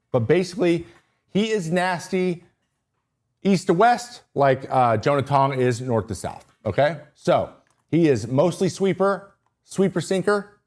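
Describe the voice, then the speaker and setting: A man hosts a podcast livestream, casually breaking down pitchers. He's excitable, drifts off topic easily, and keeps cutting himself off mid-thought.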